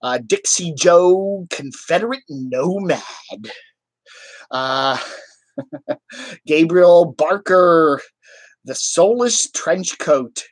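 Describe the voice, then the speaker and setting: A man's voice: on the high side, lively intonation, drawn-out words, long pauses, no room sound. A man chatting casually to viewers on a live stream into a webcam mic, rambling with lots of "I don't know, man".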